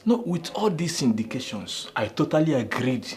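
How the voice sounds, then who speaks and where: An actor with a Nigerian English accent playing a skeptical, matter-of-fact friend. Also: male voice, medium pitch, very animated, normal speed, darkish tone, lightly acted.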